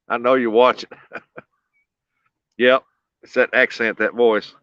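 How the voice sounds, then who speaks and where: A folksy man with a drawl, chatting easily with his viewers while fishing beside a flooded river. His voice sits at an ordinary middle pitch, and he chuckles often. The sound is dull and lo-fi, with a dry, close feel and no room echo. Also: flat delivery, normal speed, pauses often, fairly bright tone, clean tone. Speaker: livestream host. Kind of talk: casual livestream chat while fishing.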